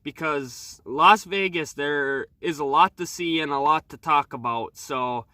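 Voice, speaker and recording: A man talking casually as a travel vlogger, relaxed and rambling with fillers, on a new microphone. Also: a little high, measured pace, no room sound. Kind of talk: casual vlog review.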